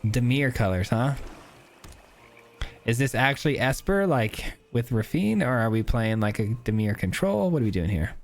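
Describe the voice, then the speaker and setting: A man's voice: mid-range voice, sing-song, moderate pace. A man giving casual, chatty commentary on his own gameplay, thinking aloud with many filler words. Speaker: gaming YouTuber.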